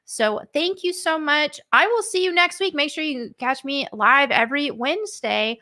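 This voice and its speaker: A woman's voice: sits high, moderate pace, sharp tone. A woman hosting a live stream, chatting casually and laughing often.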